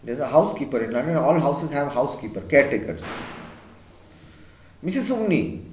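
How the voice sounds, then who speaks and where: A man's voice: mid-range voice, quick pace, echoey room, slight background noise, low-quality recording. A man teaching an English literature class, reading a story aloud and explaining it in simple words.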